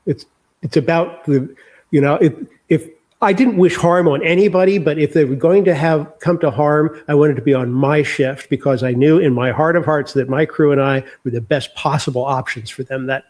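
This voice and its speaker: Candid older man, fairly high voice. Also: normal speed, darkish tone. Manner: candid, reflective storytelling. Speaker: author guest. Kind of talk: candid interview conversation.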